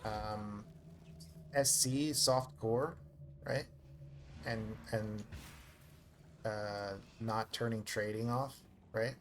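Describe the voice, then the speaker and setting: A man's voice: lowish voice, fairly even intonation, very slow, long pauses, fairly bright tone, a little hiss or hum. Rambling man streaming a game. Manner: rambling, filler-heavy and self-mocking. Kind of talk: casual live-stream chat.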